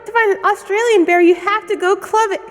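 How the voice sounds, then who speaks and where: Very high-voiced giggly woman streamer. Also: fairly even intonation, brisk. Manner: giggly, rambling, self-conscious. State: sore throat. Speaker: streamer teaching as a bear character. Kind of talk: casual livestream lesson. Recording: long reverb with background music.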